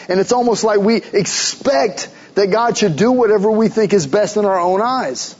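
A man's voice: high voice, moderate pace, hardly any pauses, darkish tone, slightly rough, dull audio. A man preaching a sermon as pastor, pressing his listeners with rhetorical questions and emphatic repeats.

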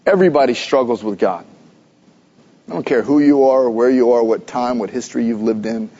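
A pastor giving a sermon in a conversational, playful preaching manner, recorded in a church sanctuary. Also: male voice, medium pitch, brisk, mellow. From United States. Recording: dull lo-fi church recording with long reverb.

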